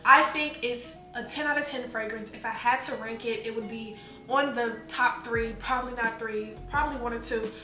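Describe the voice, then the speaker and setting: A woman's voice: on the high side, steady tone, moderate pace, soft background music. A young woman reviewing her perfume collection in a casual, gushing, chatty way. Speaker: beauty vlogger. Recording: echoey room.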